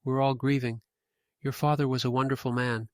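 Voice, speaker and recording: A man voicing a gentle, worried mother who soothes her grown son in a ghost story reading. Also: mid-range voice, flat delivery, normal speed, no echo, studio quality, close to an everyday voice. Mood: tender. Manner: tender, soothing delivery.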